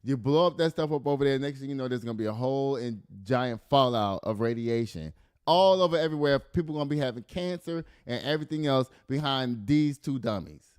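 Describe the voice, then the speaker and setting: Speaking at a middle pitch and a little fast, this podcast host reads news headlines aloud, then riffs on them animatedly, laughing and cursing now and then. The tone is clean, and the recording is dry and close with no room around it.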